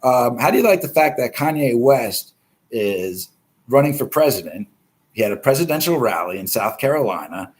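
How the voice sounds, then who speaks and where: A man's voice: on the low side, a little hiss or hum. A man hosting a live stream, chatting casually about the news in a rambling, heavily profane way. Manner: profane, rambling, swears constantly.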